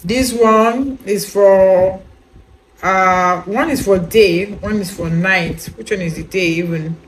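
Speaking slowly in a mid-range voice, a beauty product reviewer rambles casually about a skincare item, filling her speech with "you know" and often asking viewers if they get what she means. The recording is rough, with slight background noise.

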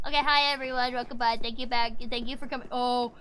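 A young woman live-streaming a video game, talking to chat with exasperated grumbling, loud outbursts and playful menace. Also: on the high side, fairly even intonation, quick pace, noisy background.

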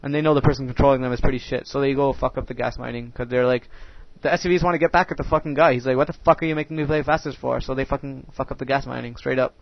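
A young man with a steady, mid-range voice rants profanely over his own match, racing along with few pauses. His crude commentary is packed with filler words, captured on a dull, dry lo-fi mic with no echo.

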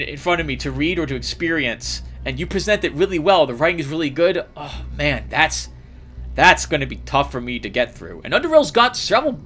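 A man hosting a let's play, chatting casually and rambling excitedly as he plays, laughing often. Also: a little high. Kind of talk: casual gameplay commentary.

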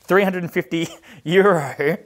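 His voice sits high and moves a little slowly as he, a dating coach, swaps casual stories. He swears brashly, laughs frequently, and performs the voices of the people in each tale.

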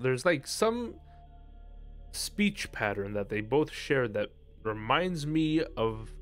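A man chatting casually on a live game stream, profane and animated, breaking into loud laughs. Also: medium pitch.

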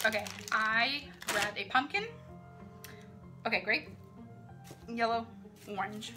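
A woman's voice: a little high, slow pace, over music. A young woman hosting a casual candy taste test, chatty and giggly, often exclaiming. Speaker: vlogger host.

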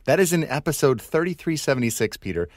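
A man's voice: mid-range voice, sing-song, fast talker, no room sound. A man hosting a casual podcast interview, playfully quizzing his guest. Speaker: podcast host.

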